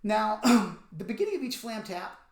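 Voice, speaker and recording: With a high voice full of big pitch swings, this man demonstrates a drum technique at a moderate pace, calling out strokes and counts while playing. The recording has a roomy echo and loud stick clicks on a practice pad.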